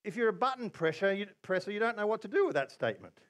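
Animated male preacher with a lively voice. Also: high-pitched, quick pace. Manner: animated preaching with acted-out quotes. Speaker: pastor. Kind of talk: sermon.

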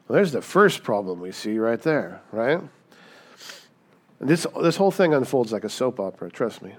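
A man preaching a sermon in a lively, conversational way, acting out the people he quotes and often asking "right?". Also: medium pitch, moderate pace. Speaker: pastor.

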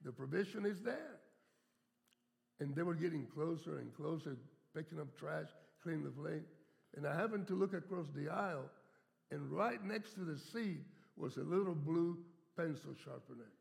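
A man's voice: a little high, expressive, normal speed, vocal fry. A man in his seventies preaching a sermon as a guest speaker. He tells stories and stretches key words for emphasis. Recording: long hall reverb.

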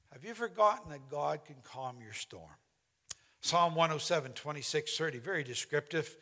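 Male pastor, sermon delivery, fervent with soft drops, recorded in a church with long reverb. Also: on the high side. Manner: impassioned, emphatic preaching with dramatic drops to near-quiet.

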